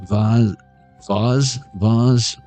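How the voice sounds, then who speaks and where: This tarot reader has a warm, mid-range voice, holding a steady tone and drawing out his words while faint music plays behind him. His reading is loose and intuitive, full of word associations, frequent laughter and bits of old songs.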